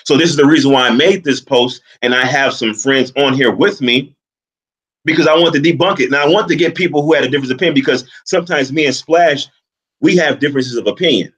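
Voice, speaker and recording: Man, livestream host, deliberate, argumentative, explains at length. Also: medium pitch, a bit bright, husky, rough recording. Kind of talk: livestream commentary.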